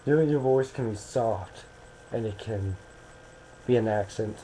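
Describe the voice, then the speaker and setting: A man's voice: on the low side, unhurried, warm tone, a little hiss or hum, poor audio. A young American man talking casually into a webcam, rambling and hesitant with many restarts. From United States.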